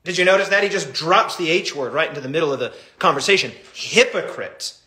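A middle-aged man, a pastor, teaching a Bible study in an animated, impassioned way. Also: fairly high pitch, quick pace, reverberant.

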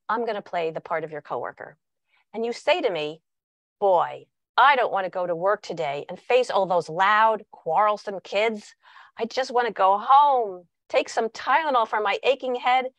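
A woman's voice: medium pitch, no echo. A woman giving a talk on parenting who walks listeners through an exercise and acts out quoted dialogue. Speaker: parenting workshop speaker. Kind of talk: presentational talk.

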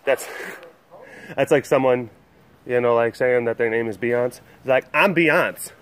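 A man hosting a webcast from an animal compound, talking in a rambling, animated way and cooing at the animals, recorded outdoors on a windy day with a handheld camera. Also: mid-range voice, a little slow, smooth. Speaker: host of an animal facility webcast. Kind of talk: casual vlog chat.

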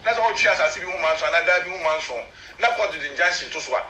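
A man with a Ghanaian accent, a chief's spokesman, explaining customs in an animated, emphatic way to a local news camera. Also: a little high, racing, slight background noise, poor audio.

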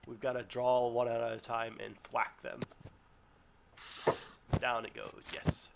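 A man commentating his own gameplay, excitable, yelping and groaning as things go wrong. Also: mid-range voice, unhurried, gravelly, very noisy. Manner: excitable, yelps and groans at setbacks. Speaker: let's play gamer. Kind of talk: live game commentary.

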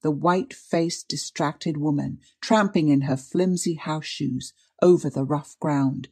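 A woman narrates an old mystery in a measured, dramatic reading. Her voice is low and dark with a husky grain. The pacing is steady and deliberate. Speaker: audiobook reader. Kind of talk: scripted narration.

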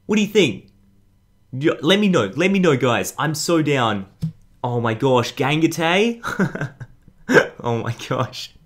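A young man hosting an excited card unboxing, hyped and full of slang. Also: a little high, takes it slowly, long pauses. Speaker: YouTube host.

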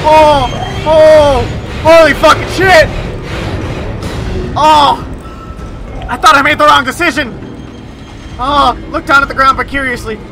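A man commenting on his first playthrough of a horror game, excitable, yelping and swearing whenever something startles him. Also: very high voice. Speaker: let's play gamer. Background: game music and sound effects.

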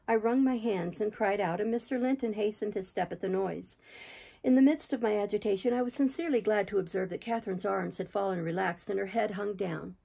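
A woman reading a classic novel aloud in a steady, measured manner. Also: medium pitch, gravelly, breathy edge, low-quality recording. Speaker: reader, channel host. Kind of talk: audiobook reading.

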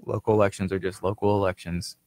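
A man's voice: sits low, little pitch movement, quick pace, a little mellow, dry recording. A man co-hosting a radio show, chatting casually and rambling, often trailing off mid-thought. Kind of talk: casual talk-radio banter. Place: radio studio.

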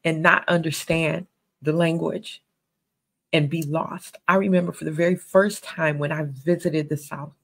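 A woman's voice: low-pitched, vocal fry, breathy edge, poor audio. A woman giving a sermon-style Bible teaching, earnest and conversational, with emphatic stresses.

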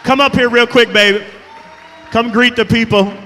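A man, a guest pastor preaching a sermon with call-and-response and rising shouts. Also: very high voice, fairly even intonation, moderate pace. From Alabama, USA. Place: church sanctuary. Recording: echoey church hall with music behind.

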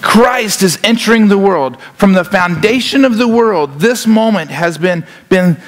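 A male pastor preaching a sermon, animated and often repeating words as he acts out scenes. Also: sits high, unhurried.

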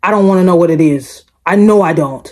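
A woman with a husky, slightly low voice reacts out loud to a video. She talks straight to her viewers, emphatic and animated, and circles back to the same points again and again. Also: brisk. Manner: animated, emphatic, repeats herself, addresses viewers directly. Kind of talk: casual reaction commentary.

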